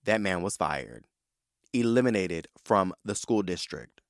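A young adult man from San Diego hosting a podcast, telling personal stories in a casual, animated, profane and sassy way, talking straight to his listeners. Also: sits low, measured pace, gravelly, no room sound, studio quality. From San Diego, California. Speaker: podcast host. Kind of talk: casual solo storytelling.

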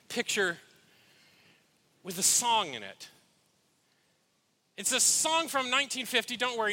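Man, middle-aged, pastor, sermon, heartfelt storytelling, high pitch. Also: pushed and bright. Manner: heartfelt personal storytelling with asides to the congregation.

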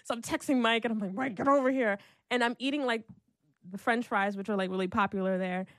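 A woman's voice: fairly high pitch, quick pace, no echo, studio quality. A young adult woman telling a personal story in casual chat, acting out what everyone said and saying "like" a lot. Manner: animated, acts out quotes, lots of "like".

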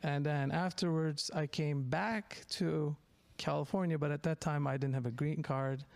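A man's voice: a little high, steady tone, normal speed, vocal fry, darkish tone, no echo. A man from Turkey with a Turkish accent, a stand-up comedian telling stories in a casual interview, rambling, laughing often and restarting his sentences.

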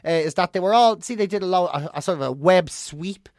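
An Irish man co-hosting a podcast, telling stories in casual chat, swearing freely and acting out his own shouting. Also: sits high, fairly quick, no echo. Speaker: podcast co-host.

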